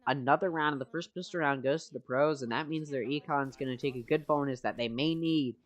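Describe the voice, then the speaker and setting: A man giving steady, explanatory play-by-play commentary on a competitive video game match. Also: medium pitch, fairly quick. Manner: steady explanatory play-by-play, rises for big plays. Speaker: esports caster.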